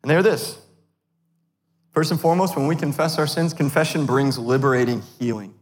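A man in his thirties, a pastor preaching a sermon in a church, animated and self-deprecating, often laughing at himself. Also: medium pitch, fairly quick, faint music behind. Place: church sanctuary. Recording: long hall reverb.

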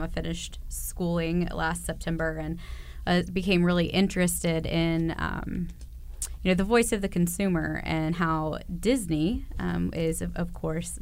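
A woman's voice: on the low side, steady tone, unhurried, clean tone. A young woman co-hosting a podcast, talking thoughtfully with a few hesitations. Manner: thoughtful, a bit hesitant, with fillers. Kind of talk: casual podcast conversation.

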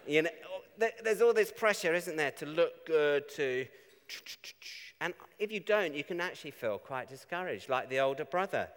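Chatty guy giving a sermon, bit high voice, echoing church. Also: lively intonation, moderate pace, a bit bright, clear, resonant tone. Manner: conversational, with rhetorical tag questions. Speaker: preacher. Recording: long reverb of a church.

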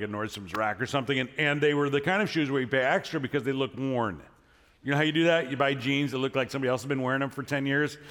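A middle-aged male pastor preaching a sermon in a church, telling a story in a casual way before rousing the congregation with energy. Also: mid-range voice. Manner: casual storytelling, then energetic crowd prompting. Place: church sanctuary. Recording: long hall reverb from a church.

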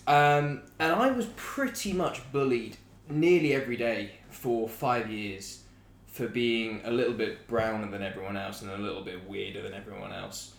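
A man's voice: lowish voice, normal speed, creaky, few pauses. A young man from the south of England talking candidly and reflectively in a casual chat, with some fillers. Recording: echoey room with faint background noise.

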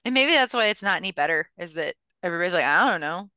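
Bright-voiced woman podcast co-host. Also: on the low side, lively intonation, rapid-fire, clean tone, dry recording, clean studio sound. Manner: thoughtful, wry, rambling. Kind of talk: casual chat.

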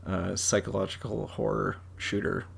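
Gravelly, low-voiced man chatting. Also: flat delivery, normal speed. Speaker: podcast co-host. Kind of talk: casual chat.

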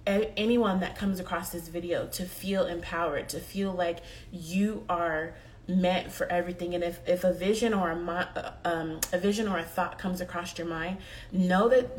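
A woman's voice: fairly low pitch, slight background noise. A young woman giving a heartfelt motivational talk to her viewers, earnest and often repeating herself as she speaks. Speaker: vlogger.

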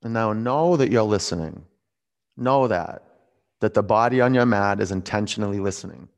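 A man in his forties leading a yoga class, calm and reflective as he tells a personal story between pose cues. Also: lowish voice, moderate pace. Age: 40s. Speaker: yoga instructor.

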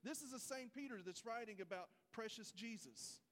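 A man's voice: high-pitched, animated, normal speed, fairly bright tone, in a large hall. A man preaching a folksy sermon, speaking straight to his congregation. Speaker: pastor. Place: church sanctuary.

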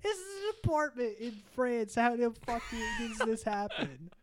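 A young man in casual podcast chat, rambling through a profane, animated story. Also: very high-pitched, moderate pace, background noise.

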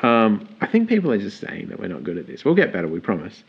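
A man rambles through casual podcast chat, correcting himself mid-thought. His pitch swings widely as he talks. The sound is dull and lo-fi. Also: wildly swooping pitch, quick pace, creaky, breathy edge. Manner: rambling, self-correcting asides. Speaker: podcast co-host.

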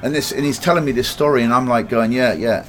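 A middle-pitched man with an English accent tells a long, rambling story about his own past. He talks casually, swears freely and slips into other people's voices as he goes. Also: fast talker. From England. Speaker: guest telling a life story.

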